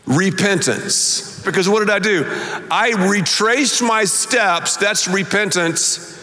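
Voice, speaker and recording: A man pastor preaching a sermon to a large congregation, telling a story with deliberate emphasis. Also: high voice, sharp tone. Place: large church auditorium. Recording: echoey large hall.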